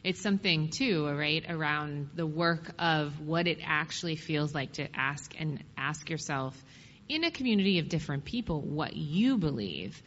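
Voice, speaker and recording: A woman's voice: low voice, lively intonation, moderate pace, a bit bright. A woman being interviewed as a guest, speaking in a reflective, earnest way. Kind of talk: casual conversational interview. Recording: dull sound, long reverb, faint noise.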